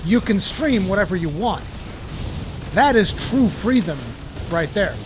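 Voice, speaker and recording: A man's voice: high voice, animated, measured pace, over music. A man streaming a game, chatting casually and rambling with plenty of swearing. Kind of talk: casual live-stream chat.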